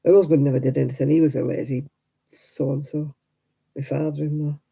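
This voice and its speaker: A woman's voice: sits low, steady tone, brisk, vocal fry, dark tone, slightly rough, rough recording. An older woman, telling rambling personal stories in casual chat as host of a crafting livestream, full of "you know" asides.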